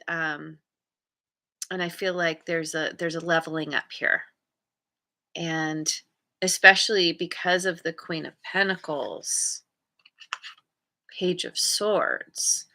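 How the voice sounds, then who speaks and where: A woman's voice: on the low side, vocal fry, sharp tone. A woman giving a casual tarot reading, thoughtfully searching for words as she reads the cards aloud. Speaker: tarot reader.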